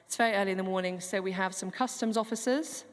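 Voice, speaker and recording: A woman's voice: medium pitch, quick pace. Choir director, woman, chatty, spells out pronunciation by demonstrating, long church reverb. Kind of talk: rehearsal coaching.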